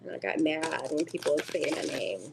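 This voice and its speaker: Woman, Southern US accent, low-ish voice, chatty live-stream host, laughs a lot, steady background noise. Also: brisk, vocal fry. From Southern United States. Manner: chatty, laughs often, answers viewers' comments. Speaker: tarot livestream host. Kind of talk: casual live-stream chat.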